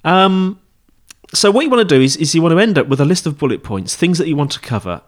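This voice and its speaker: A man's voice: on the high side, sing-song, quick pace. A man hosting a podcast, giving informal advice on interviewing in a rambling, chatty way with many fillers and restarts. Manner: chatty, rambling, with frequent fillers and self-corrections. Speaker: podcast host teaching interview skills. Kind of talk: casual instructional monologue.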